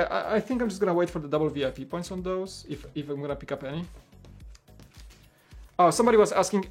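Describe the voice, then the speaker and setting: Rambling chatty man, slightly high voice. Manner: rambling, heavy use of "like" and restarts. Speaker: livestream host. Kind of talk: casual chat.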